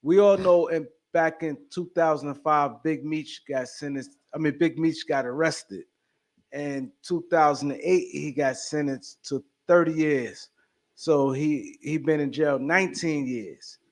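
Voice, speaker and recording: A man hosting a casual podcast chat, relaxed and conversational as he sets up the next topic. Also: on the high side, unhurried. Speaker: podcast host.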